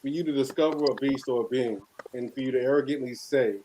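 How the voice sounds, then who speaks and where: A man's voice: medium pitch, steady tone, fast, mellow, a little hiss or hum, low-quality recording. A man on a discussion panel, rambling through a point with many fillers.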